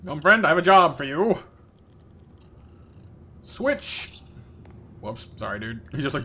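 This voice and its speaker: A man's voice: a little high, big pitch swings, takes it slowly, pauses often, bright, forceful tone, husky. A man streaming live gameplay, chatting playfully with viewers and reacting to the game.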